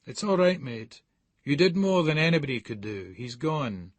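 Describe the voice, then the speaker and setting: Kind, level-headed paramedic, plain voice, read by the narrator. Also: male voice, a little high, moderate pace, dry recording. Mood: consoling. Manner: gentle, steady reassurance. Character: calm male paramedic reassuring a bystander.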